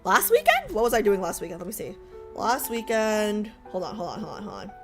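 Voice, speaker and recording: A woman streamer chatting casually with her viewers, self-mocking and repeating phrases as she goes, her voice a little raspy. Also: medium pitch, huge pitch swings, brisk, faint music behind. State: slightly raspy voice.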